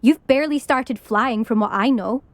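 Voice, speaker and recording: A woman's voice: on the high side, normal speed, natural voice. An actress playing a brash young female Quidditch captain who taunts her rival in a video game. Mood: taunting. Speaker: student rival.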